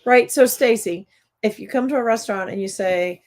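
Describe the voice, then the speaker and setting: A woman's voice: medium pitch, moderate pace, darkish tone. A woman, co-hosting a casual live stream, opinionated and folksy.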